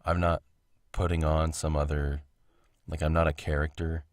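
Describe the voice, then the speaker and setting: Man, very deep voice, casual solo podcast, rambling, self-interrupting, dry close home mic. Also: a little mellow, no room sound. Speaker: podcast host. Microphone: home recording mic.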